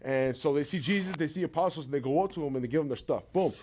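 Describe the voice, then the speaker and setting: A man gives a casual devotional talk, reading a passage and then retelling a scene as an animated story. He talks quickly in a slightly raised voice, with conversational asides and the odd chuckle. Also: on the high side, slight background noise. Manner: lively storyteller, chuckles between thoughts; conversational, with tag questions and restarts. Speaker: speaker sharing a Bible reflection.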